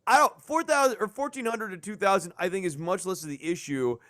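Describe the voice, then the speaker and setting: A man chatting on a podcast in a rambling, animated way, dropping curses for emphasis. His voice sits a little high and sounds dry and close to the mic. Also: brisk, no echo. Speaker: podcast host. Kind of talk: casual political podcast chat.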